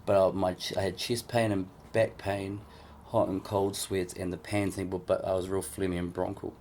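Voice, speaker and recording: A man's voice: low voice, level tone, normal speed, a little mellow, a little hiss or hum. A man co-hosting a podcast, telling a story in a rambling, frank way, full of "like" and "you know" and casual swearing. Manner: rambling, filler-heavy storytelling. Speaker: podcast co-host.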